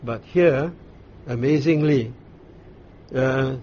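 A man leading a Bible study, explaining scripture in an unhurried way, pausing and restarting as he searches for words. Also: mid-range voice, a little mellow. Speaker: Bible teacher. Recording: dull lo-fi recording with faint noise.

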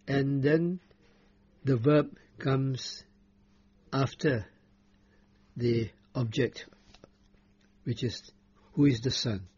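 Slow, mellow-voiced male preacher. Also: medium pitch, breathy edge, dry recording. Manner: slow, deliberate reading of scripture with emphatic quotes. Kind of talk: Bible teaching sermon. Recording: muffled lo-fi recording.

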